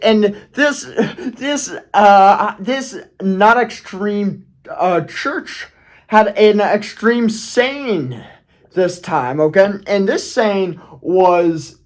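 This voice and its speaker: A man telling a personal story on his video channel, rambling and often checking in with "okay?". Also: high-pitched. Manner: rambling, keeps asking "okay?", restarts, swears. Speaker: YouTuber. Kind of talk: casual storytelling vlog.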